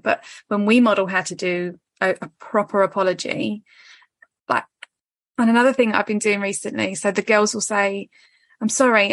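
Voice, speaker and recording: A woman's voice: mid-range voice, fairly bright tone, no room sound. Candid woman podcast host. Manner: candid, swears freely, acts out quoted voices. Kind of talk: casual podcast chat.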